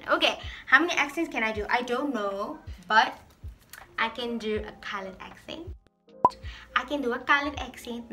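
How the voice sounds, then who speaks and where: Woman vlogger, chatty, playful, fairly high voice, bright and forceful tone. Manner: chatty and playful, reads out questions then answers them. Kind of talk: casual get-to-know-me Q&A.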